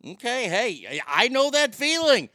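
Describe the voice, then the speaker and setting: Man, live chat host, excitable, bright tone, dry close sound. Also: very high-pitched, measured pace, dry recording. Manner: loose, excitable, swears freely, reads viewer comments aloud. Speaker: talk show host reading chat. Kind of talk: casual live-stream chat.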